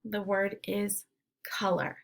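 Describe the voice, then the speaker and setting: A woman teacher leading a phonics drill for young children, giving slow, clear, drawn-out word prompts. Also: medium pitch, monotone. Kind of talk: phonemic awareness lesson for young children.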